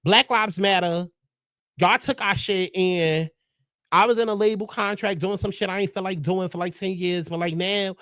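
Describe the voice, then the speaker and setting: Brief: man mimicking a woman singer pitching her own story, mocking, higher voice, dry booth. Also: fairly even intonation, moderate pace, fairly bright tone, smooth, no room sound. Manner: mocking, keeps adding "okay?". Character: impression of a woman singer pitching herself plainly.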